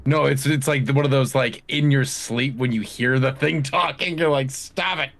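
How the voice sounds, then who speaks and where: A man's voice: mid-range voice, steady tone, moderate pace, creaky, a bit bright. A man playing a tabletop game who talks casually and asks about the rules. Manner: casual, asking rules questions. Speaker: player.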